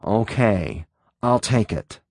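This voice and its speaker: A man voicing a battered, bewildered fugitive who speaks in a lower, wary tone. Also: animated, slow, gravelly, a little mellow, no room sound, clean studio sound, exaggerated voice.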